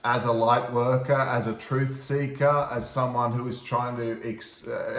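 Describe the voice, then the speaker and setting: A man co-hosting a casual talk to camera, giving measured spiritual advice with some hesitant fillers. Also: medium pitch. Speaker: spiritual teacher and co-host. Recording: echoey room.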